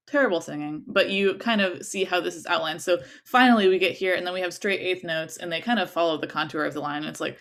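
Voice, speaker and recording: A woman's voice: fairly low pitch, moderate pace, creaky. A young woman teaching a music interpretation class, chatting casually and singing rhythms on nonsense syllables between explanations. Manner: casual, sings rhythms on syllables, many fillers.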